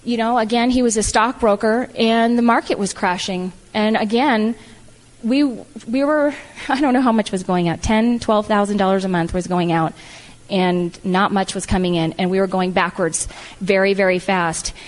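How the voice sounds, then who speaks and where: Middle-aged woman telling her story to a crowd, lively and emphatic, voice echoing in a big hall. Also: medium pitch, normal speed. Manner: animated, emphatic, acts out quoted lines. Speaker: guest speaker. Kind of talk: personal story told to an audience. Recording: long hall reverb.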